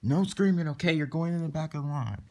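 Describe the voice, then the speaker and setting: A man voicing a stern man keeping order at the store line, loud and accusing. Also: on the high side, expressive, unhurried, slightly rough, voice pushed up, full character voice. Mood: bossy.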